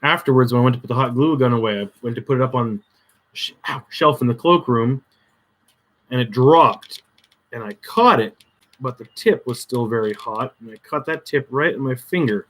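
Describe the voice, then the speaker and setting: A man's voice: medium pitch, normal speed, a bit bright. Guy livestreaming a craft build, mumbling to himself, dry sarcastic jokes. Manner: mutters to himself while working, dry sarcastic asides. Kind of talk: casual crafting livestream chat.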